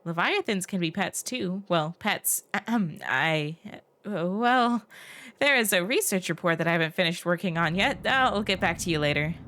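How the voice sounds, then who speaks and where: A woman's voice: on the low side, animated, normal speed, a bit bright. Woman reading as a nervous young researcher. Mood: nervous evasive. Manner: hesitant, stammering, with fillers.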